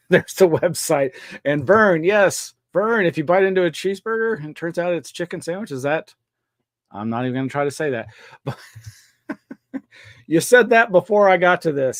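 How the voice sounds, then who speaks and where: A man hosting a live weekly news roundup show, talking in a rambling, casual way with many fillers and pauses. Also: on the high side, no room sound, clean studio sound. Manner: rambling, chatty, hesitant with fillers. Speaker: host.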